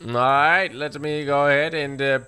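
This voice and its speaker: A man's voice: mid-range voice, a little fast, bright, forceful tone. A man hosting a casual co-op gaming chat, trading dry, teasing asides with his partner. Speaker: gaming channel host.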